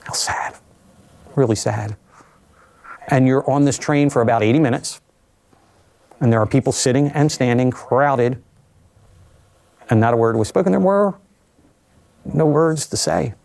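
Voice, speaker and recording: An older man recounting his own survival in a documentary interview, measured and reflective with vivid asides. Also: medium pitch, gravelly, a little mellow.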